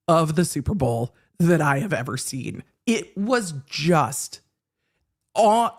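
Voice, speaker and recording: A woman in her forties, a hoarse live-stream legal commentary host who talks in a chatty, animated way and repeats herself for emphasis. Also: lowish voice. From California. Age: 40s. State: hoarse, under the weather.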